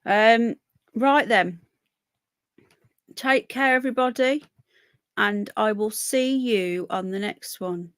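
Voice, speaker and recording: A woman's voice: mid-range voice, slow, pauses often, smooth, no room sound, studio quality. A British woman hosting a live stream, chatting casually and rambling as she reads viewers' comments. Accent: British English. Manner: chatty, rambling, talks to chat viewers by name. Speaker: livestream host.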